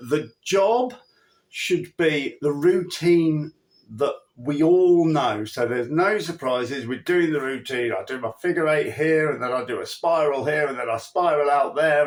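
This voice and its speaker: A man who trains horses, giving an emphatic, chatty riding lesson and acting out his cues to the horse. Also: a little high. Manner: chatty, with restarts and asides. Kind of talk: instructional talk.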